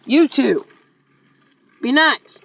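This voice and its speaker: A woman's voice: sits high, expressive, extremely slow, vocal fry, fairly bright tone. A woman vlogging in her yard, talking bluntly and profanely to dogs in a playful, scolding way. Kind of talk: casual vlog, talking to dogs. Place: outdoor yard at home.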